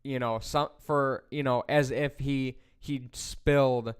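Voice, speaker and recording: A man's voice: mid-range voice, steady tone, slow, clean tone. A young man co-hosting a podcast in casual chat, talkative, often trailing off and restarting mid-thought. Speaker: podcast co-host.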